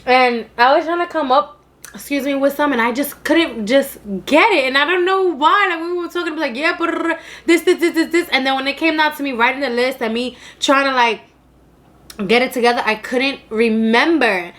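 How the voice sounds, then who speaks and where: A young woman with a New York accent chats casually on her eating show, loud and animated, breaking into laughter as she talks. Her voice sits high for a woman. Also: normal speed. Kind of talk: casual chat while eating.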